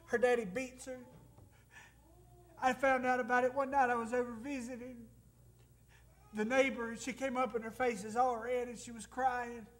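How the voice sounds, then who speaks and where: A man's voice: extremely high pitch, flat delivery, normal speed, pauses often. A man who is a missionary pastor, preaching an emotional testimony and calling out to the congregation for amens. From United States. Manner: emotional, tearful at times, calls out for amens. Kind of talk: sermon testimony.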